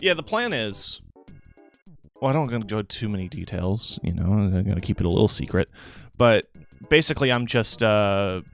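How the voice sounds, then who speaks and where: Soft music plays behind a young man whose fairly low voice carries some vocal fry at a moderate pace. During his live stream he chats casually with the audience, drifting from topic to topic with lots of fillers, clearly tired and yawning.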